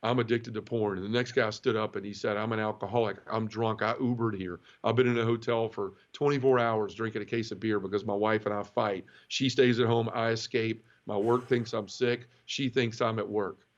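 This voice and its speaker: A man's voice: lowish voice, a little fast, hardly any pauses, dull audio. A man telling his conversion story as an interview guest, frank and emotional, acting out quoted voices as he goes. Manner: animated, acts out quoted dialogue. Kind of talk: casual storytelling.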